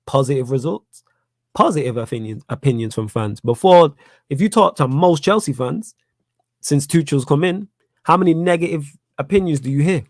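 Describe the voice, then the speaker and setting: A man's voice: on the high side, animated, moderate pace, dry recording. Man, Manchester accent, young, live-stream host, blunt, repeats himself, dry close sound. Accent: Manchester English. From Manchester, England. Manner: blunt, repetitive, gets heated. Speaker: fan channel host.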